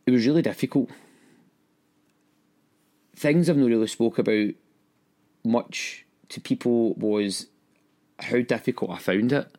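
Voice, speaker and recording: A man's voice: mid-range voice, a little slow, pauses often, mellow. A young man telling his own story candidly and with emotion. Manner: candid, emotional, acts out quoted voices. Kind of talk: personal storytelling.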